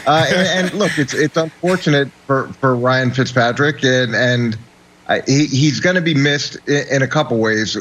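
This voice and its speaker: Middle-aged ex-coach, halting and repetitive. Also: male voice, medium pitch, fairly bright tone, a little hiss or hum, low-quality recording. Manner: halting, repeats words as he thinks. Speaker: former football coach, analyst. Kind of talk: sports debate analysis.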